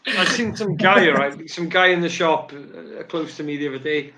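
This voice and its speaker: A man's voice: fairly high pitch, normal speed, a crowd in the background. A man on a video call telling a story with laughter in casual podcast banter. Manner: storytelling, mimicking others with laughter.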